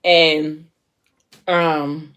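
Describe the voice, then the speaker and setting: A woman book vlogger casually recapping a novel's plot in an emotional, animated way, with informal slang. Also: sits low, extremely slow, clean tone.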